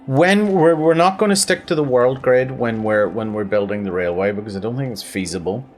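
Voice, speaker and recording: A man's voice: mid-range voice, a little fast, soft background music. A man with a Belfast accent giving rambling, self-mocking commentary while playing a video game. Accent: Northern Irish, Belfast. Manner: rambling, self-mocking, bursts into silly noises. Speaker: game streamer. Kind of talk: gameplay commentary.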